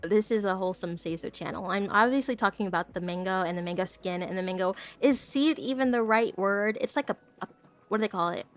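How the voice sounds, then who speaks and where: A woman's voice: mid-range voice, brisk, soft background music. A young woman chatting casually on a live stream, giggling often and tripping over her words as she rambles to her viewers. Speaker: VTuber streamer.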